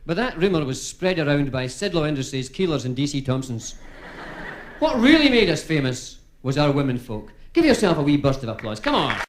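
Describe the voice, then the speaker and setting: A man's voice: fairly high pitch, sing-song, brisk. A male stand-up comedian from Dundee with a Dundee Scottish accent, telling chatty jokes to a live crowd. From Dundee, Scotland. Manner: chatty, punchline-driven storytelling to a crowd.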